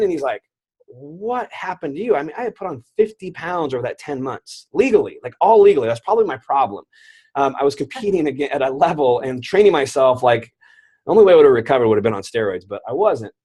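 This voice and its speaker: A man in his thirties tells his story as a guest, quickly and with a slightly high, husky voice. He slips into the voices of the people he quotes. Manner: animated, acts out quoted voices. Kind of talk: storytelling interview.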